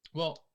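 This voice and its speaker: A man's voice: high voice, slightly rough. Rambling man with a muffled, lo-fi sound. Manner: rambling, retelling scenes with put-on voices. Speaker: podcast co-host. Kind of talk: casual chat.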